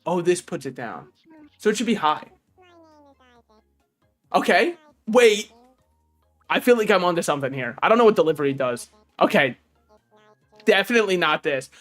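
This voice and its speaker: A streamer gives casual gaming commentary, joking, swearing freely and talking back to both chat and the game's characters. The voice is mid-range and expressive, at a moderate pace with frequent pauses, over soft background music.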